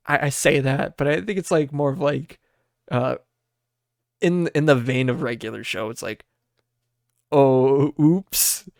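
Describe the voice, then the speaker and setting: A man from the US Midwest hosts a loose, rambling podcast monologue, swearing freely and laughing at himself. His voice sits a bit high for a man. The sound is dry and close, with no room around it. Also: vocal fry, no echo. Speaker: podcast host.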